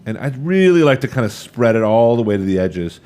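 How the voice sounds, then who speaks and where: A man's voice: medium pitch, sing-song, a little fast, darkish tone, smooth. A man in his thirties leading a live cooking demonstration, chatty and upbeat, talking straight to the viewers as he works. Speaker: cooking instructor.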